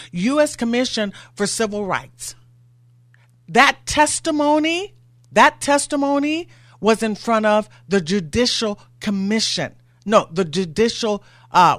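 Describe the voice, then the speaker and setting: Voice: medium pitch, fairly bright tone, no room sound. A talk radio host in a studio, getting worked up and firing off rhetorical questions.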